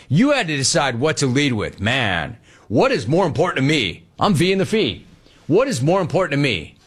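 A man hosting a sports talk show with a mid-pitched voice that sits in the usual middle range. He talks in a casual way, reading out listener messages and breaking into animated stories. Along the way he mimics the people he quotes.

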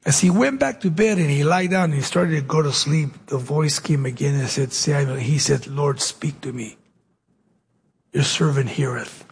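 A man preaching a sermon, telling the story with dramatic pauses and acting out the dialogue in his own voice. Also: fairly high pitch, creaky, husky.

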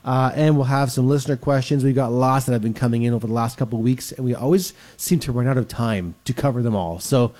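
A man's voice: medium pitch, quick pace, hardly any pauses, mellow. A man hosting a radio real estate show, chatting casually from the studio with lots of filler words. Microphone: studio microphone.

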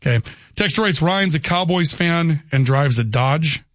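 A man's voice: on the high side, animated, moderate pace, fairly bright tone, dry recording. A man hosting a radio show, teasing his co-host and reading listener texts aloud. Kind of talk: sports radio chat.

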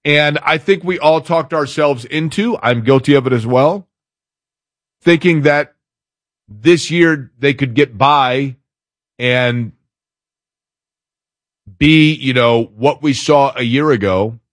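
A man's voice: mid-range voice, slow pace, pauses often, no room sound, clean studio sound. A man hosting a sports talk show, chatting casually and opinionated, rambling as he reads out a listener's email. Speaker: sports radio host.

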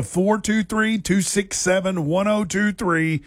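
A man's voice: high-pitched, fairly even intonation, slow pace, few pauses, no room sound, clean studio sound. A man hosting a sports talk radio show, reading promos playfully and laughing with his co-host. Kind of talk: casual radio banter. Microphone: studio microphone.

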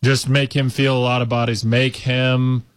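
A man's voice: medium pitch, little pitch movement, normal speed, clean tone, dry recording. A man co-hosting a sports radio show, breaking down basketball tactics in a thoughtful, hedging way. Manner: thoughtful, hedging, talks through ideas. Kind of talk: casual sports radio analysis.

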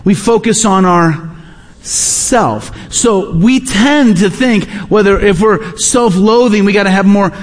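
A middle-aged male pastor delivers a sermon in a large church hall. His voice sits fairly high and rings with long reverb. He drives points home by repeating key words. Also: slow pace.

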